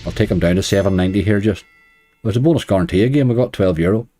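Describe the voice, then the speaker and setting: In casual live-stream commentary, a middle-aged man with a Northern Irish accent plays online slots and grumbles at the game. He speaks fast in a lowish, dark voice, with faint music behind him.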